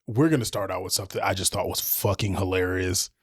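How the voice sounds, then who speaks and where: A man's voice: low voice, quick pace, breathy edge, no room sound. Young guy podcast host, chill and sweary, dry close mic. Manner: laid-back, profane, laughs easily. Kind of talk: casual chat reacting to clips.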